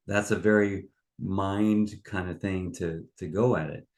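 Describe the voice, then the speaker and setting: A man's voice: sits low, steady tone, takes it slowly. A middle-aged male life coach talking in a loose, rambling way, full of fillers and restarts. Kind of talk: casual monologue.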